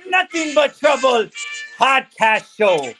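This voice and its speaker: A man playing a boastful pirate captain who takes over a podcast, shouting in pirate bluster. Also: very high voice, sing-song, slow pace, over music, heavily acted. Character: boastful male pirate captain, gruff and grandiose. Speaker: podcast co-host.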